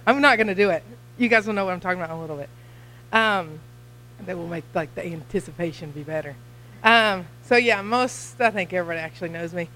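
A young woman with a Kentucky accent giving a church mission talk, chatty and nervous, talking fast. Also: lowish voice, bright, forceful tone, a little hiss or hum, poor audio. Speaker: missionary guest speaker.

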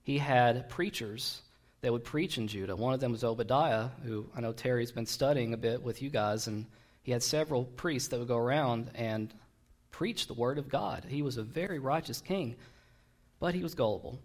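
A man's voice: medium pitch, normal speed. A man preaching a sermon, retelling a Bible story in a conversational, digressive way with wry asides.

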